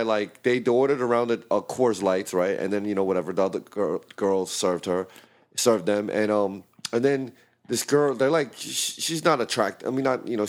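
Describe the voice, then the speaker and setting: A man casually telling a story about his bartending shift to friends, swearing a lot and acting out the shouting in the quotes. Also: mid-range voice. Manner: animated, profane, acts out shouting in quotes.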